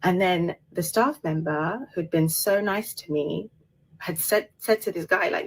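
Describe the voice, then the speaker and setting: A woman's voice: fairly low pitch, measured pace, slight background noise, rough recording. A British woman telling a personal story to camera in an earnest, detailed way.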